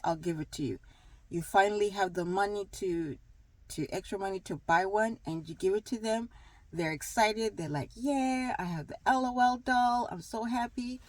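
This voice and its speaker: A woman's voice: lowish voice, a little mellow, dry recording, low-quality recording. A woman in her thirties talking casually about faith and gratitude, rambling with many fillers and acting out little dialogues. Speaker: wellness vlogger. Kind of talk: casual faith talk to camera.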